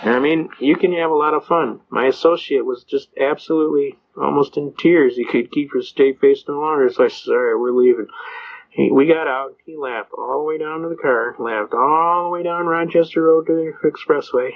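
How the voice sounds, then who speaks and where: A man's voice: on the high side, moderate pace. Older man giving a folksy lecture. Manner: rambling, folksy, with frequent "uh" fillers. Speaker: lecturer on citizens' rights. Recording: dull lo-fi recording.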